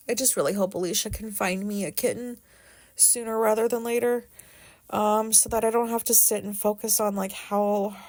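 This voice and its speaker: A woman's voice: medium pitch, darkish tone. A woman hosting her own podcast, talking through sad feelings in a rambling, hesitant way with many fillers, restarts and casual swearing. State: sad, teary. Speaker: podcast host. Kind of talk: casual personal monologue.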